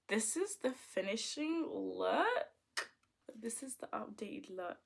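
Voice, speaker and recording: At home, a young woman walks through her makeup routine in a slow, mid-range voice with vocal fry. Chatty throughout, she murmurs quietly as she works and occasionally erupts in loud excitement.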